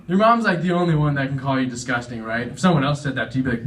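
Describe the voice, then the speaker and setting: A man's voice: medium pitch, racing, few pauses, a bit bright, recorded from a distance. A young man doing a self-deprecating stand-up comedy set on stage, chuckling at his own jokes and acting out voices. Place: veterans' hall stage.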